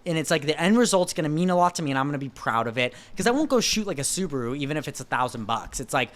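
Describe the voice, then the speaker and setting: Young male car photographer, high-pitched, laughing through lively stories. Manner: animated storyteller, quick laughs. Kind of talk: casual podcast chat.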